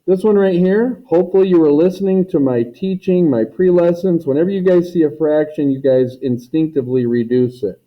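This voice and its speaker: A man's voice: fairly high pitch, brisk, hardly any pauses. A man teaching a math lesson in a folksy way, talking students through each step and repeating his catchphrases. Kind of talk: recorded classroom lesson. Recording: tinny phone-like recording.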